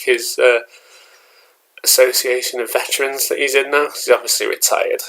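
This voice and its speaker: A man's voice: medium pitch, a bit bright, poor audio. A man with an English accent chatting casually at home as a collectibles vlogger, rambling along with frequent fillers and restarts. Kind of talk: casual vlog chat. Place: at home, indoors.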